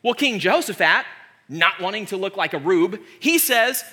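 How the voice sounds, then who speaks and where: Man, 30s, preacher, comedic sermon, sarcastic, high voice, bright. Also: moderate pace. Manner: animated, joking, sarcastic.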